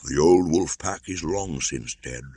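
A man voicing Baloo, a slow old bear. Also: extremely low pitch, no echo, heavily acted. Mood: tender. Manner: slow, gentle, fatherly. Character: old half-blind male bear, slow and tender.

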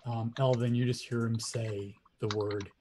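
A man's voice: medium pitch, level tone, measured pace, mellow, a little hiss or hum. Man running a tabletop game, hesitant. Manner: hesitant, many ums and likes. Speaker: game master.

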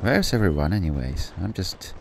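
A man giving live gaming commentary, excitable and rambling, who swears and then apologizes. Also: low voice, normal speed, vocal fry, background noise. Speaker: gameplay commentator.

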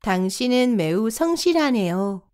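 Fast-talking woman reading lesson prompts. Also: on the high side, sing-song, a little mellow. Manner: reads each short prompt once, crisply. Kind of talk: brisk reading of Korean prompts.

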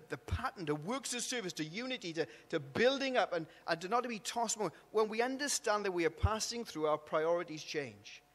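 A long reverb tail follows a high-pitched, fairly bright male voice as a pastor from Wales preaches in a church hall. His manner is conversational, with repeated and restarted words and tag questions like "isn't it?".

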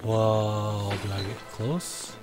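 A man streaming a game, cursing, shouting at enemies and grumbling about the game as he plays. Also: lowish voice, flat delivery, extremely slow. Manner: profane, frustrated outbursts and yelling at the game. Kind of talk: live gameplay commentary. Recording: game music behind voice.

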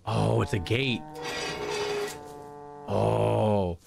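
A young man riffing crude jokes over a video game with a lively, bouncing pitch. He keeps a mid-range voice while faint game ambience murmurs underneath. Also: moderate pace, long pauses, a little hiss or hum. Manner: crude, joking, jumps into silly high voices. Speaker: gaming channel host. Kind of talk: let's play commentary.

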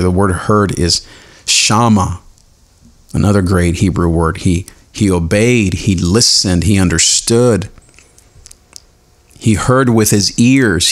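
A man hosting a devotional podcast, animated and self-mocking, who explains Hebrew words slowly and laughs often. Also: sits low. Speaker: podcast host.

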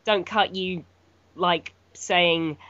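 A woman's voice: on the low side, fairly even intonation, drawn-out words, fairly bright tone, no room sound, lo-fi sound. Dry, teasing British woman. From United Kingdom. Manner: dry, teasing, swears freely. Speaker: podcast co-host. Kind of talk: casual chat.

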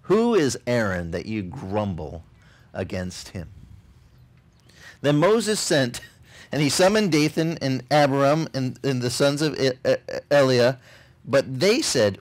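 A man preaching a casual, animated sermon as pastor, reading scripture and talking to the congregation. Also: mid-range voice, a little slow. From Hawaii. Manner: animated, conversational, mimics voices for emphasis. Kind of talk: expository sermon.

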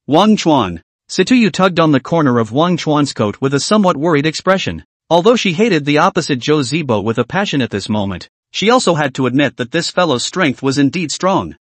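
A man narrating a comic story recap from a script in a steady storytelling read. His voice sits fairly high and moves a lot in pitch, with a dry, close sound. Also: a little fast, no echo.

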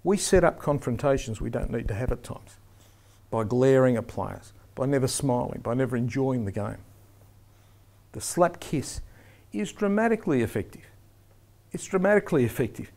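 A man's voice: medium pitch, lively intonation, moderate pace. Emphatic man teaching referees. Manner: emphatic, demonstrates firm and soft referee tones. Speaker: referee instructor. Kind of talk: instructional lecture.

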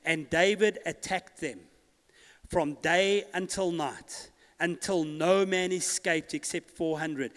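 High-voiced preaching man in a reverberant hall. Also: takes it slowly. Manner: call-and-response preaching, rising to loud declarations. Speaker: pastor. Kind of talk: sermon. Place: church hall. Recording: long church hall reverb.

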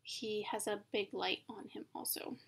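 A woman's voice: mid-range voice, fairly even intonation, unhurried, vocal fry, slightly rough. Casual woman explaining art over slides. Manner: informal, thinks aloud with many ums and self-corrections. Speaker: art teacher.

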